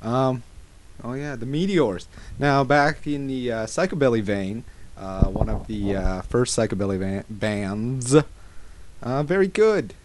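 A man's voice: medium pitch, a little slow. A man presenting songs as a music guest on a radio show, enthusiastic and rambling. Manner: enthusiastic, rambling, laughs a lot. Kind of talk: casual radio chat. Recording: noisy recording.

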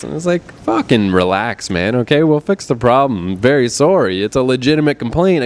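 A man's voice: mid-range voice, lively intonation, brisk, hardly any pauses, a little mellow. A man who works as a projectionist hosts a show and rants casually, swearing constantly. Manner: swears constantly, irritated ranting. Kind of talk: casual profane rant.

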